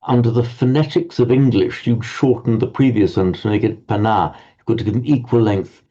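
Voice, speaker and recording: A man's voice: medium pitch, a little fast, mellow, husky. A man teaching Pali pronunciation to a group class, patiently correcting students and often repeating words while he searches for the next one. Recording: dull lo-fi audio.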